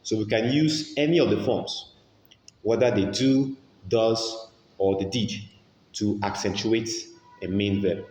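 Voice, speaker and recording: A man teaching an English grammar lesson in an unhurried, deliberate way, going over every example again and again. His voice sits a little low. The recording is roomy, with a long reverb tail and faint ambience behind it. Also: darkish tone, a little hiss or hum. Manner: slow, patient, repeats each example.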